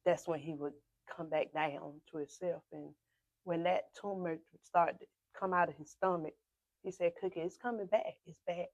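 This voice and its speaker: A woman pastor with a South Carolina accent gives a personal testimony as a podcast guest. She tells the story emotionally, acts out the dialogue, and often drops to a hushed whisper. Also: fairly low pitch, moderate pace, no room sound. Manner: repeats and re-enacts dialogue with quoted speech.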